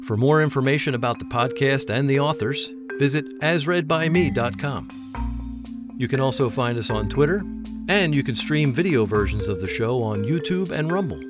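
Male host, scripted sign-off, steady and friendly, mid-range voice, marimba bed under him. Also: mid-range voice, moderate pace. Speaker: podcast host. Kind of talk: scripted outro announcement. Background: marimba music.

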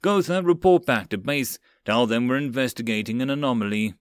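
A man voicing a calm elf crew chief who gives curt orders. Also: medium pitch, fairly quick, smooth, no echo, studio quality, natural voice. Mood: commanding.

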